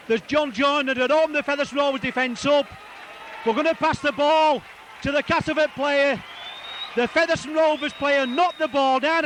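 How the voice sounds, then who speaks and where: A man with a very high voice gives live rugby league match commentary, excitable and rambling, repeating player names as the play moves. There is slight background noise.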